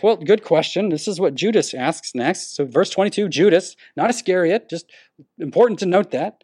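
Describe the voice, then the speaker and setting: Man preaching, slightly higher voice. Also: animated, a little fast, a little mellow, husky. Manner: teaching verse by verse, emphatic with frequent restarts. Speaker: pastor. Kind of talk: sermon.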